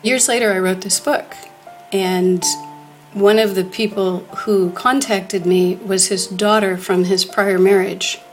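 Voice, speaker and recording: An earnest woman tells a grave personal story at an ordinary middle pitch. Her voice goes soft and nearly whispered at times. A faint trace of music sits underneath. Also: steady tone, a little slow. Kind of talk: personal storytelling before an audience.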